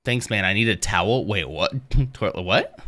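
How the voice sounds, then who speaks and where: A man's voice: fairly low pitch, moderate pace, faint music behind. A man streaming live from his home office, chatting casually and rambling a little as he talks to his viewers. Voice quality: smooth voice. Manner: rambling, relaxed, talks to chat.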